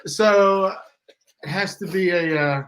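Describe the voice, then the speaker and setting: A man's voice: high-pitched, slow, fairly bright tone, slight background noise, rough recording. A man co-hosting a giveaway livestream, joking and playful in casual chat. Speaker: co-host.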